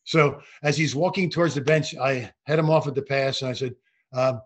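An older man, a retired basketball referee, telling animated stories from his career in an interview. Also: medium pitch, moderate pace, husky. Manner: animated anecdotal storytelling with frequent restarts. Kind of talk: storytelling interview.

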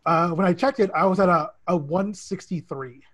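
A man co-hosting a sports podcast, his voice hoarse, chatting casually, swearing and laughing. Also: sits high, moderate pace, a bit bright. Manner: profane, laughing, rambling. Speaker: podcast co-host.

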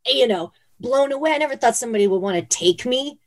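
A woman's voice: on the high side, fast talker. A woman from Phoenix, a former dancer, telling stories as a guest in a casual interview, with lots of "like" and "you know". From Phoenix, Arizona. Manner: chatty, many "like" and "you know" fillers, animated retellings.

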